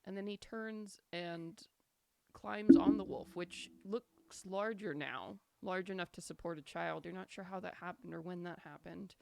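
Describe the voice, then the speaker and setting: Lowish gravelly woman running a tabletop game. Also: warm tone, slight background noise. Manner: descriptive, unhurried narration with fillers. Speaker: game master.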